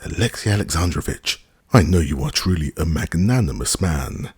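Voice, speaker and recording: Ironic high-society woman, brisk and lifted, read by a man with a very deep, creaky voice. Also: lively intonation, a little mellow, no echo, studio quality, exaggerated voice. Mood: affable.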